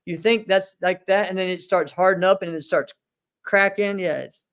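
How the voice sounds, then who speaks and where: A man's voice: high voice, steady tone, moderate pace, a bit bright, clear, resonant tone. An easygoing man co-hosting a martial arts podcast, laughing often in casual chat. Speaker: co-host.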